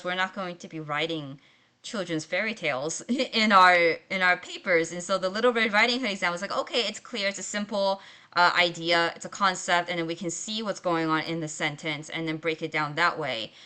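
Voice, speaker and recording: Woman writing teacher, lowish voice, bright and clear, chatty lecture style, keeps checking with "right?". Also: brisk. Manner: conversational, checks in with "right?" and "okay?". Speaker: writing instructor. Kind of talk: recorded lecture.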